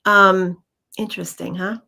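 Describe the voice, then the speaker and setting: A woman co-hosting a casual livestream as a card reader, speaking in a halting way with frequent ums and restarts. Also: mid-range voice, steady tone, vocal fry, pushed and bright.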